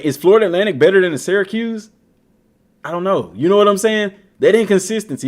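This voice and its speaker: Guy streaming a football game, slangy and chatty, voice jumps all over, kinda high. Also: quick pace. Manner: slangy, talks to the team directly, animated. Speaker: gaming streamer. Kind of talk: casual commentary on a video game.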